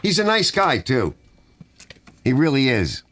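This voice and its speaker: Middle-aged male stream host, grumbly and animated, very lively pitch. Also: unhurried, slight background noise. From United States. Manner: grumbling, animated, reads chat aloud. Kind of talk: rambling live stream chat.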